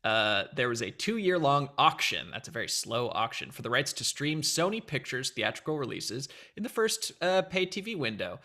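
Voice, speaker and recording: Bright-voiced joking male host. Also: medium pitch, very animated, moderate pace, few pauses. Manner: jokey, playful asides. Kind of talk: casual entertainment news chat.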